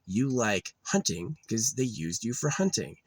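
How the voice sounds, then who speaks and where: A man's voice: fairly low pitch, very animated, a little slow, husky, no room sound. A young man vlogging in a rambling, digressive monologue that drifts into rants, full of fillers.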